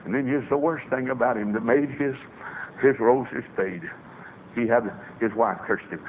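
A man preaching a revival sermon, telling stories with sudden soaring shouts. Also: medium pitch, normal speed. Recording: tinny phone-like old radio recording with faint hiss.

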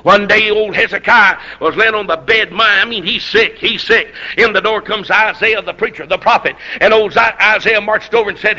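A preacher with a high, piercing, very bright voice, working through a revival sermon in storytelling bursts. He swings from quick asides to slow, shouted climaxes. The recording is dull and lo-fi.

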